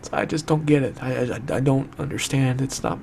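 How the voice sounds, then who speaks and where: A young man speaking straight to the camera in an emotional monologue, distraught and fighting back tears, halting and repetitive, swearing as he searches for words. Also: mid-range voice, steady tone, gravelly, a little mellow, a little hiss or hum. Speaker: video maker addressing a friend.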